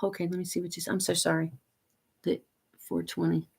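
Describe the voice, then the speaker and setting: A woman's voice: brisk, vocal fry, slightly rough. Chatty woman in her fifties. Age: 50s. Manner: chatty and animated, laughs often, big swings up in pitch when teasing viewers. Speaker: homesteading livestream host. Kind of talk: casual livestream chat, reading viewer comments.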